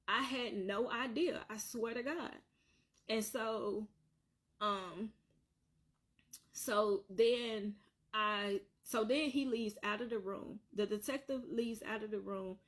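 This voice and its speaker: A woman's voice: fairly high pitch, slow pace, fairly bright tone. A woman telling her own painful story on a vlog, earnest and repetitive, circling back to the same points. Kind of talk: emotional personal storytelling.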